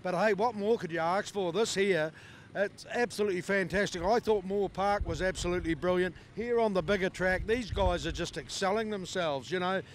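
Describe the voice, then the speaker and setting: A man's voice: high voice, fairly quick, a little hiss or hum. A man with a New Zealand accent, a speedway announcer chatting trackside, enthusiastic and effusive. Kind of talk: casual trackside chat. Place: outdoor speedway pits.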